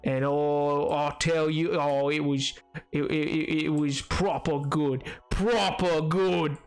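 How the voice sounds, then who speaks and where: A man's voice: a little high, moderate pace, darkish tone, soft background music, lightly acted. A man voicing a jolly mock-British young bloke, with exaggerated, chirpy put-on slang.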